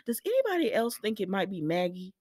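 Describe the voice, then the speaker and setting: A woman's voice: mid-range voice, wildly swooping pitch, quick pace, darkish tone, no room sound, clean studio sound. A woman recapping a soap opera in a chatty vlog, talking straight to her viewers. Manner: chatty, addresses viewers directly. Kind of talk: casual chat.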